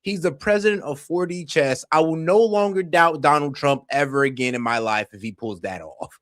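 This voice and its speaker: A man giving casual, slangy reaction commentary, laughing often and talking in an animated way. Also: fairly high pitch, normal speed, dry recording, clean studio sound. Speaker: streamer reacting to clips.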